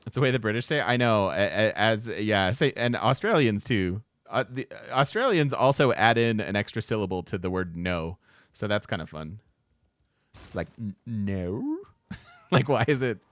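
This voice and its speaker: A man's voice: on the low side, animated, fairly quick, fairly bright tone, clean tone, no room sound, studio quality. A man casually commenting on a strategy game while he plays, laughing often and chatting with his viewers. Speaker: let's play host.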